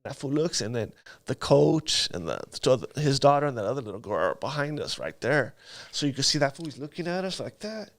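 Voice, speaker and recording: A man's voice: medium pitch, big pitch swings, brisk, no room sound. A man telling his life story in a casual interview, using street slang and acting out sounds.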